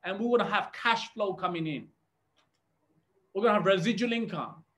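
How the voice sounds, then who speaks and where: An overexcited recruit rattles off a get-rich pitch in a rushed, eager tone, acted out by a man. The voice sits high and bounces with excitement. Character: overexcited new recruit, young adult.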